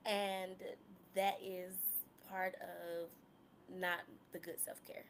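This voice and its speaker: A woman in her late thirties hosting a solo podcast, talking candidly in a chatty, slangy way that drops to soft murmurs and jumps to loud, excited bursts. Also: on the low side, takes it slowly, slight background noise. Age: 30s. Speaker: podcast host. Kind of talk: casual solo podcast monologue.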